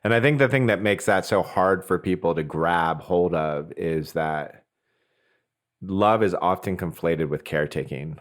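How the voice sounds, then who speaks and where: Super deep voiced guy hosting a podcast, earnest, thinking out loud. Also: measured pace. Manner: earnest, reflective, thinks aloud with restarts. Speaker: podcast host. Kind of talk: conversational podcast talk.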